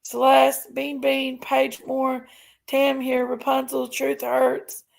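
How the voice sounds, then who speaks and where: Her voice sits high and comes out monotone, slow, and creaky as she chats casually on her livestream. The host reads viewer names aloud, thanks members, and complains about her sister.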